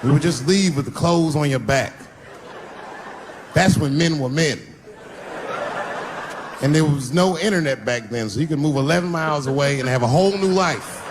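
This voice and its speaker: A middle-aged man doing stand-up comedy storytelling on stage, acting out characters and jumping into high shouts. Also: normal speed, pauses often. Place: large venue on stage. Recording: live stand-up with laughing crowd and noise.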